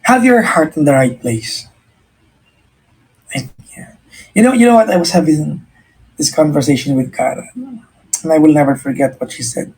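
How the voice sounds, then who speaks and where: A man's voice: a little high, sing-song, moderate pace, a little mellow, husky, poor audio. A man with a Filipino accent, a radio host giving earnest, reflective life advice in casual chat and often restarting his sentences. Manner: earnest and reflective, mixing English and Tagalog, frequent restarts. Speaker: radio host answering a listener.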